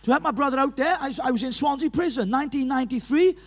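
A middle-aged man with a Welsh accent from Llanelli, preaching an animated evangelistic sermon in a church hall, full of stories and urgent calls. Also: extremely high pitch, fast. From Wales. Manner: animated, storytelling with laughs, rising to urgent calls. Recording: reverberant hall.

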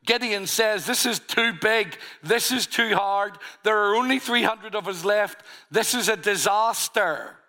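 Pastor guy preaching, earnest, lots of questions to the room, pretty high voice. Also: a little slow, few pauses, bright, forceful tone. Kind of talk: sermon.

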